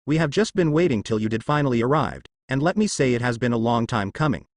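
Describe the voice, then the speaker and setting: A man's voice: mid-range voice, animated, fast talker, no room sound, clean studio sound, close to an everyday voice. A man reading as a stammering goddess, Kami. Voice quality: stuttering. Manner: gentle and polite. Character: shy stammering young woman goddess.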